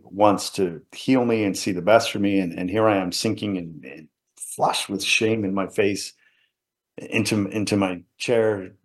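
Middle-aged man, low and deep, earnest and halting, sharing a personal story as an interview guest. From England, around Liverpool. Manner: earnest, halting, often trailing off quietly.

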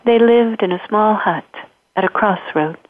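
A woman storyteller telling a folktale in a rhythmic, repetitive way, with a husky voice. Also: medium pitch, a little slow, no echo. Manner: rhythmic, repetitive, sings short refrains. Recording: tinny phone-like recording.

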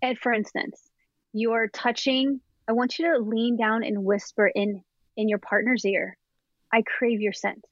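A woman's voice: fairly high pitch, steady tone, no room sound. A woman sexologist giving frank, enthusiastic instructions on a podcast and laughing easily. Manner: candid, enthusiastic, quick to laugh. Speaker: somatic sexologist guest. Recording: dry, dull lo-fi podcast audio.

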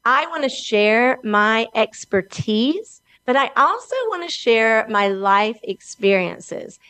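A middle-aged woman with an Alabama Southern accent, hosting her own talk show in a slow, earnest, motivational way. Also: a little high, lively intonation, pushed and bright, smooth, no room sound. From Alabama, USA. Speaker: podcast host.

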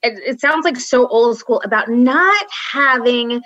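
A woman's voice: fairly high pitch, lively intonation, measured pace, a bit bright, dry recording. A middle-aged woman from Long Island with a Long Island accent, an admissions counselor chatting frankly and loosely, full of likes and restarts. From Long Island, New York. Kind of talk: casual podcast chat. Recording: dull, dry lo-fi recording.

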